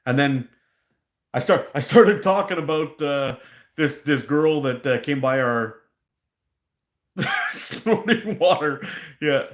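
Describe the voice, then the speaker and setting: A man's voice: fairly high pitch, slow, long pauses. Rambling man telling stories in an echoey room. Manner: rambling, animated storyteller who laughs at his own stories. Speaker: hot sauce maker hosting a live stream. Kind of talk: casual live-stream chat. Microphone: handheld mic pulled out.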